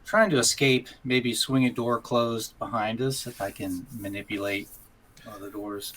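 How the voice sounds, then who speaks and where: A man's voice: lowish voice, fairly even intonation, normal speed, a bit bright, slight background noise. A man playing a tabletop game, hesitant and thinking aloud as he declares his moves. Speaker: player.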